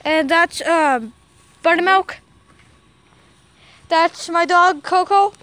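Young woman, high voice, casual vlog chatter, apologetic and giggly, outdoors at night, noisy phone recording. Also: takes it slowly, a bit bright. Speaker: vlogger. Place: outdoors at night among farm animals.

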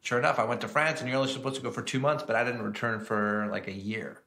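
A man, a chef and entrepreneur, telling stories in a casual interview, animated and chatty. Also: mid-range voice, quick pace. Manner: animated, slips into lively acted-out voices in his stories.

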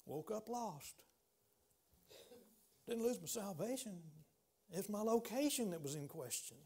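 A man, preaching a sermon as pastor in a church, swinging from loud exclamations to hushed pleading. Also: high-pitched, lively intonation, measured pace, gravelly, long pauses, husky. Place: church sanctuary.

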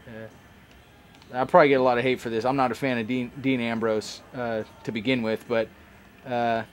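A man's voice: mid-range voice, slight background noise. A man giving casual, rambling commentary as he plays a game, chatting like a longtime fan. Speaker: let's play host.

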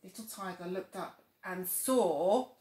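A woman reading a children's bedtime story aloud, soft and expressive. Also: fairly low pitch, takes it slowly, noisy background. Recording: echoey room.

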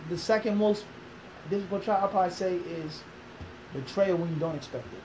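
A man's voice: sits high, fairly quick, background noise. A man in his thirties with a Philadelphia accent, giving an interview that turns into a lecture, asking the room rhetorical questions and repeating his points. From Philadelphia, USA. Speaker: interviewed Islamic teacher.

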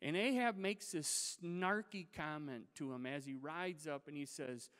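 A male pastor preaches in a church sanctuary, telling a Bible story with lively, dramatic flair. His voice is pitched high for a man and is smooth and resonant. A long reverb trails off the room. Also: a little slow, few pauses. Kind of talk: sermon.

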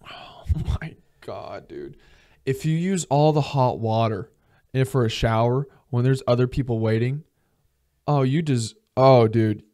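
A young man hosting a podcast, ranting comedically with lots of swearing and quick acted-out mock dialogues. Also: mid-range voice, warm tone. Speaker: podcast host. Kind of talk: comedic solo rant.

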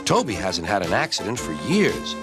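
Expressive male storybook narrator. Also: on the low side, moderate pace, music in the background. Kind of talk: storybook reading.

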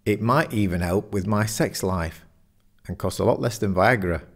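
A man's voice: lowish voice, moderate pace. A man voicing Peter, a fifty-something man with heart disease, speaking, hesitant and sincere.

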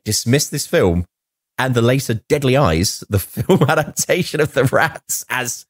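Animated man on a podcast. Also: mid-range voice, normal speed. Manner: jokey, laughing, rambling, tries impressions. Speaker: podcast co-host. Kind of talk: casual film podcast chat.

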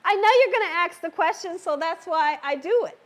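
Chatty high-voiced woman cooking host. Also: brisk. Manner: chatty, laughs often, reads viewer comments aloud. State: losing her voice a little. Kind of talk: live cooking stream chat. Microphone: wearing a microphone.

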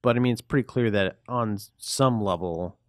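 A man on a panel in a casual group discussion, talking in an animated way. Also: fairly low pitch, normal speed, no echo, clean studio sound. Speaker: guest panelist.

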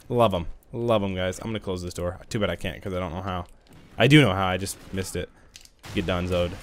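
A young man giving excitable live commentary on a shooter game into a headset, trash-talking and breaking into sudden yells. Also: fairly low pitch, slight background noise. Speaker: gaming channel host.

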